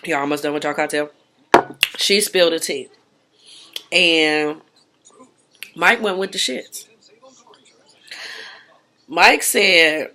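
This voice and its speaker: A woman's voice: fairly low pitch, takes it slowly, long pauses, pushed and bright. A woman recapping a reality show in casual, blunt, profane slang. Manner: blunt, profane, slangy gossip with acted-out quotes.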